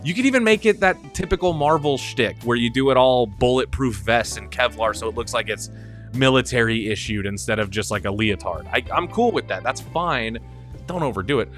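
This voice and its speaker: A chatty man hosts a stream with a bright, forceful voice, and faint music plays underneath. He talks in an animated way, laughs often and trips over repeated words. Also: mid-range voice, normal speed. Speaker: host of a live stream. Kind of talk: casual stream commentary.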